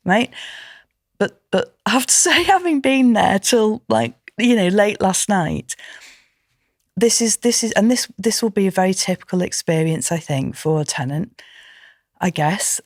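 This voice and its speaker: A middle-aged woman, a landlord guest on an interview podcast, talking in an emphatic, animated and indignant way. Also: mid-range voice, unhurried, no echo, clean studio sound. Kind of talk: conversational interview.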